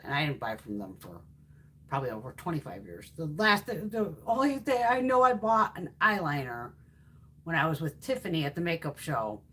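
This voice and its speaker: This beauty YouTuber, a woman in her fifties, swatches makeup during a casual livestream and tells her stories bluntly and profanely. Her deep voice moves a little fast, with a faint hiss or hum behind it.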